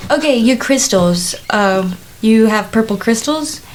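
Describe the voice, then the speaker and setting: A woman's voice: on the high side, animated, a little slow, slight background noise, low-quality recording. A woman playing in a tabletop game, chatty and playful with her quips. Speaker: player. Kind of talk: casual tabletop play.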